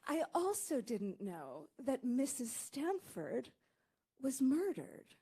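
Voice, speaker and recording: A woman from Salem reading her poetry live at an arts center, talking haltingly with many fillers and sounding emotional and dry-mouthed. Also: high-pitched, sing-song, warm tone, slightly rough. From Salem, Massachusetts. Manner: halting, full of fillers and nervous asides. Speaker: poet. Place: arts center event stage before an audience.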